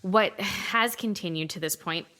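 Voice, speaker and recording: A woman's voice: medium pitch, measured pace, bright, forceful tone. A woman co-hosting a casual film podcast, retelling a story in a chatty way and swearing offhandedly. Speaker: podcast co-host.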